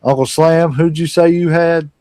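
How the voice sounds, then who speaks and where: Hosting a casual wrestling podcast, a man chats and laughs with his co-hosts, easygoing and rambling. His voice is fairly high and warm, with fairly even intonation at a normal speed, and there's no echo.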